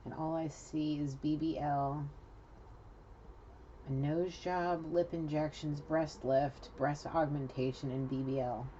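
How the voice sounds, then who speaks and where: A woman giving a casual tarot card reading, chatty, excitable and profane. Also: low voice, slow pace. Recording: lo-fi with loud hiss.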